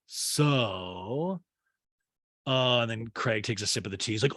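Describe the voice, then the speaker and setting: A man's voice: mid-range voice, slow, a bit bright, no echo, clean studio sound. A man hosting a podcast, rambling through a chatty episode recap with lots of filler words. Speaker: podcast host.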